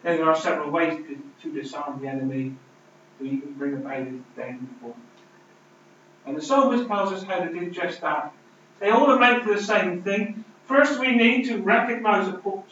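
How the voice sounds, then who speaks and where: A man's voice: sits high, moderate pace, slight background noise. Man preaching in an echoey hall. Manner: emphatic, dramatic shifts between loud and hushed. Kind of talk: sermon. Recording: distant, roomy, dull hall recording.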